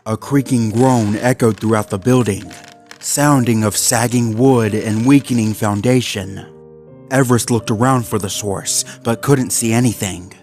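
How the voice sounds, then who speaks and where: A man's voice: on the low side, steady tone, a little slow, darkish tone. Man narrating a creepy story. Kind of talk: horror story reading. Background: faint background music.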